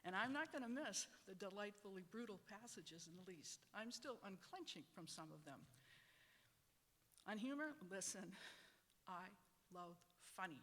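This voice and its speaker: A middle-aged law professor from Wisconsin giving prepared panel remarks in a wry, measured, reflective way. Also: medium pitch, lively intonation, pushed and bright, in a large hall.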